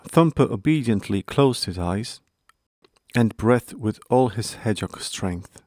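A man narrating a children's bedtime story in a calm, measured way. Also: lowish voice, no echo, clean studio sound.

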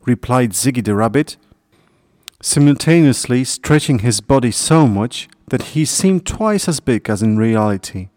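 A man narrating a children's storybook in a gentle, expressive reading voice. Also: medium pitch, a little slow, dry recording, clean studio sound.

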